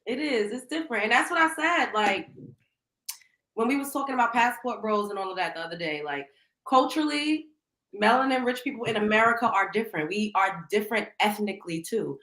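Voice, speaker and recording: Woman host from Brooklyn, bright and outspoken, gossip talk in an echoey room. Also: a little high, a little fast. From Brooklyn, New York. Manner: animated, laughing, outspoken. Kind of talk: casual celebrity gossip chat.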